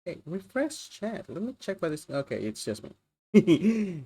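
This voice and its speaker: A woman's voice: lowish voice, big pitch swings, a little slow, mellow, slightly rough. A woman streamer giving casual, chatty playthrough commentary, talking to herself and to chat.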